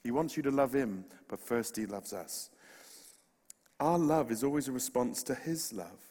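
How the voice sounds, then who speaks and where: With a West Country English accent, a man preaches earnestly and passionately, slipping in humorous asides. His mid-range voice is expressive, a little mellow, and paced moderately. The sound echoes with a long hall reverb.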